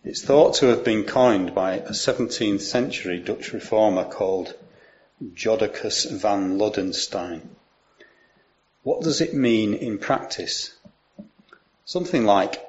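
A man preaching a sermon, explaining and reading scripture aloud in a measured way. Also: fairly low pitch, muffled recording.

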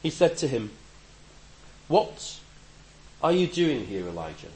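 A man preaching a conversational sermon, reflective with gentle humor and a voice that rises and drops for emphasis. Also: medium pitch, very animated, slow pace, reverberant, rough recording.

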